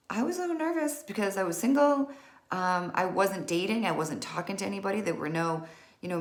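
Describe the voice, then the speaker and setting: A woman's voice: deep voice, echoey room. A woman in her forties, an author, frankly telling a personal story to camera in casual, self-mocking talk with many fillers. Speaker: author and vlogger.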